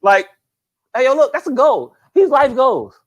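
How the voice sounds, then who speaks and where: Animated, high-voiced joking man. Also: unhurried. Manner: profane, animated, laughs a lot, repeats "hey, look". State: a bit drunk. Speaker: podcast co-host. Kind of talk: casual comedic chat.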